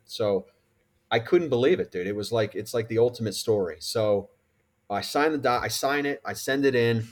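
A man in his forties from Connecticut, a podcast guest telling a story in a casual, animated and profane way. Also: mid-range voice, normal speed. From Connecticut, USA. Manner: animated, profane, acts out quoted dialogue. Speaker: podcast guest, former pro baseball player.

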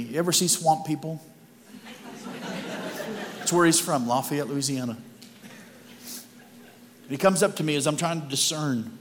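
A medium-pitched man, speaking as a guest preacher in church, tells funny personal anecdotes in a relaxed, conversational style, making this a storytelling sermon. Music plays behind him, the hall's reverb is long, and there's slight hiss or hum.

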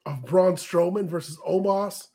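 Man, gravelly voice, husky tone, casual wrestling recap, laid-back co-host. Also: high-pitched, unhurried, dark tone. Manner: laid-back, recaps matches with jokey asides. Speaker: podcast co-host.

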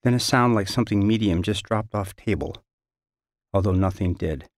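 Slow, measured man reading a story. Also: low-pitched, no echo, clean studio sound. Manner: measured, halting first-person delivery. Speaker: author reading his story. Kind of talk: reading literary fiction aloud.

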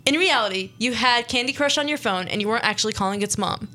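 A young woman hosting a small radio show, reading her own interactive story aloud in a playful, quick way. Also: a little high, bright, forceful tone. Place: small studio.

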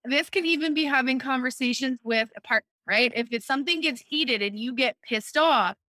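A woman hosting a casual chat, explaining an idea in a lively way, often checking in with "right?" and acting out quoted thoughts. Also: high voice, moderate pace, dry recording. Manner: lively, acts out quoted inner voices, frequent "right?". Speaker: host explaining a personal decision-making method.

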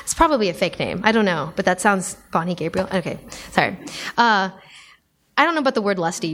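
A woman's voice: on the low side, expressive, brisk, fairly bright tone. A woman hosting a live podcast on a small club stage, chatty and giggly with lots of fillers. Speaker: podcast host.

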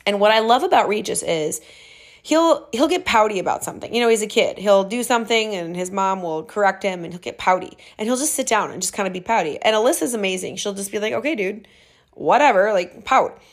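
A woman hosting a podcast from home, telling stories in a chatty, animated way and laughing often. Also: mid-range voice, quick pace. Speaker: podcast host. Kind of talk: casual storytelling.

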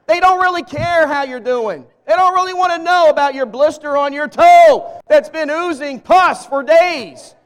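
High-voiced Southern US pastor, folksy. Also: male voice, normal speed, few pauses, long reverb tail. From Southern US (Arkansas). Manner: folksy, jokey, talks straight to the congregation. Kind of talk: humorous sermon. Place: church sanctuary with a live congregation.

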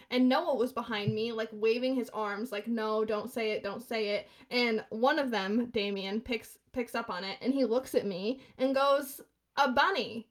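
Her voice on the high side, a woman in her twenties shares a story in an easygoing podcast conversation. She talks fast, stays lively, laughs, and acts out quotes.

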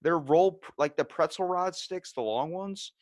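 A man's voice: a little high, normal speed, dry recording. A man hosting a podcast in casual chat, telling stories animatedly, acting out the people he quotes, and swearing casually. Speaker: podcast host.

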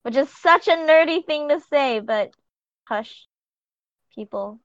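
Young female podcast co-host, fairly high voice, relaxed and sleepy, dull dry lo-fi recording. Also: no echo. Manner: relaxed, drawn-out, yawning. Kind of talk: casual chat.

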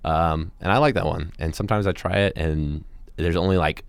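Deep-voiced young man chatting casually. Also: steady tone, brisk, creaky, no echo. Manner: rambling, yells cheers loudly. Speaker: co-host. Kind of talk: casual chat.

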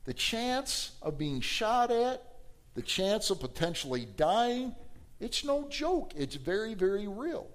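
Guy teaching bible verse by verse, lively, tosses questions at the class, fairly high voice. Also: slow pace. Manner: asks the class questions and acts out the quoted lines; animated, with sudden jumps in pitch and loudness.

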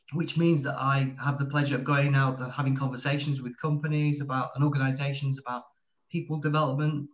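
A man speaking as a panel guest on a video call, fluent and businesslike. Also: mid-range voice. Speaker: university partnerships director. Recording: echoey, dull lo-fi call audio.

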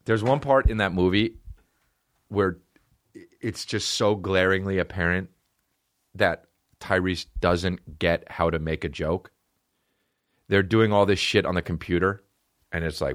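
A man hosting a comedy podcast, rambling and swearing in a casual rant that jumps between mumbled asides and sudden high-pitched outbursts. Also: unhurried, pauses often, no room sound, clean studio sound. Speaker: podcast host.

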